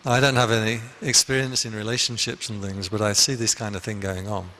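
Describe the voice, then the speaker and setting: Bright-voiced monk giving a dharma talk. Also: male voice, fairly low pitch, level tone, a little fast, long reverb tail, slight background noise. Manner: conversational, anecdotal, with frequent restarts. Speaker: Buddhist monk teacher. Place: meditation hall.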